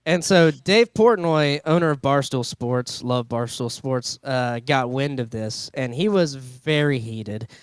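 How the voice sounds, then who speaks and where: A man's voice: mid-range voice, measured pace, hardly any pauses, clean tone, dry recording. A man hosting a podcast in loose, rambling casual chat. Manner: loose, rambling, filler-heavy. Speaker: podcast host.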